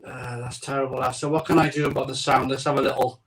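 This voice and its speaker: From his home conservatory, a man hosts a live stream recorded on an iPhone microphone, rambling casually and greeting viewers. His medium-pitched voice is flat and fast, and he sounds far from the mic in a rough recording.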